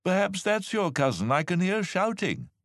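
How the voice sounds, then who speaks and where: A man's voice: high-pitched, sing-song, normal speed, fairly bright tone, no room sound, voice pushed up, exaggerated voice. A man voicing a dry, sardonic male tiger in a storybook reading. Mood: wry. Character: wry surprised male tiger.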